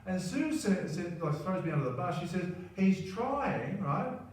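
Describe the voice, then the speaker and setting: An Australian man in his sixties tells a rambling, self-deprecating personal anecdote, frequently tacking on "right?". His voice sits high with lively intonation and a slightly fast pace, recorded on a distant mic in a very roomy space with faint ambience.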